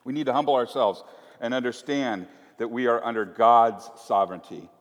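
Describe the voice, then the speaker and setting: A pastor with a medium-pitched voice speaks at normal speed in a church sanctuary, the hall echoing around him. His sermon is conversational and joking, and he acts out little scenes for the congregation.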